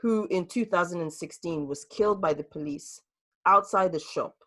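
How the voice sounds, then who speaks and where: A woman hosting a group discussion on a video call, talking earnestly and reflectively, sometimes pausing to find her words. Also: fairly low pitch, a bit bright. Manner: earnest and reflective, hesitant with restarts. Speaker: host leading a group discussion.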